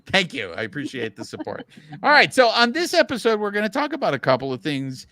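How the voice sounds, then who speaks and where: A man's voice: sits high, wildly swooping pitch, fairly quick, sharp tone, no echo. A man co-hosting a baseball podcast, chatting casually and animatedly, often restarting his sentences. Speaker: podcast co-host. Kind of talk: casual sports chat.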